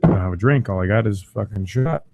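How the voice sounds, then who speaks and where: A man's voice: fairly low pitch, fast talker, gravelly, noisy background. A man hosting a crude comedy podcast, swearing and mocking the news, his voice strained. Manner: profane, mocking, animated. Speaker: podcast host.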